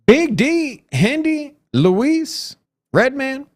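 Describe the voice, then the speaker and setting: A man co-hosting a casual crypto livestream, loud and playful, with hype shout-out greetings. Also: extremely high pitch, big pitch swings, very slow. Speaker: co-host.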